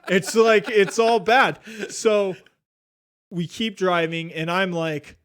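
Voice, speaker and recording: A young man casually telling a travel story, animated and swearing often, acting out what people said. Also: high-pitched, slow pace, clean tone. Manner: animated, swears a lot, acts out quotes. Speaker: podcast guest.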